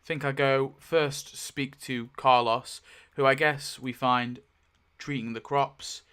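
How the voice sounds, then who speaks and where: Man, casual solo tabletop game narrator, thinks aloud, lots of ums and restarts, bright crisp voice. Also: medium pitch, steady tone, takes it slowly. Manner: thinking aloud, frequent fillers and self-corrections.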